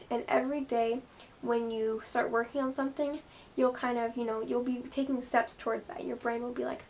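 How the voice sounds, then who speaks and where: Chatty high-voiced woman giving advice. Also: a little hiss or hum. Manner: chatty, lots of "like" and "you know". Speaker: gymnast vlogger. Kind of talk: casual advice vlog.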